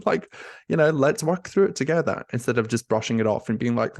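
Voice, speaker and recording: A young man with a gravelly, medium-pitched voice talks briskly in a clean studio recording with no room sound. He's a nurse coach on a candid conversational interview, speaking expressively and emotionally amid a constant stream of "like" and "you know."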